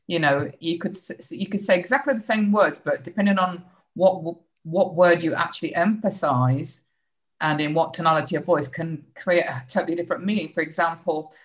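Measured woman interviewer. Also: lowish voice, low-quality recording. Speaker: host. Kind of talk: conversational interview.

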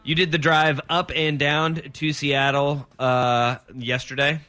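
A man hosting a sports radio show, asking quick, teasing questions in casual chat. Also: fairly high pitch, level tone, pushed and bright.

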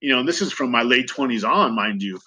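A man in his thirties from Southern California candidly telling his recovery story in a fast, profane, animated way. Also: mid-range voice, breathy edge, rough recording. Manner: fast, profane, animated retelling with acted quotes. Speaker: guest sharing recovery story.

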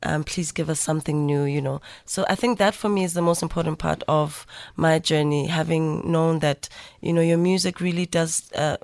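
A woman singer being interviewed on radio, her voice husky this morning, speaking thoughtfully with many fillers. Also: sits low, steady tone, normal speed, hardly any pauses, darkish tone, no echo. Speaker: guest singer. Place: radio studio.

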